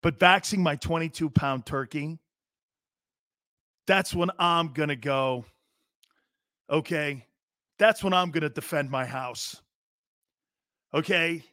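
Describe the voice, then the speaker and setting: A brash male sports talk host who jokes loudly and hollers his points. His voice sits high, and he takes his time with the words, stretching them out. The sound is close and dry. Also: takes it slowly, pauses often, dry recording. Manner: loud, brash, joking, hollering. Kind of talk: live sports talk show.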